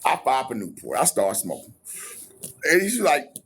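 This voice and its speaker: A man telling a personal story in a casual, animated way, acting out the quoted lines. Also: mid-range voice, fast, breathy edge. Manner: animated, acts out every quote in his story.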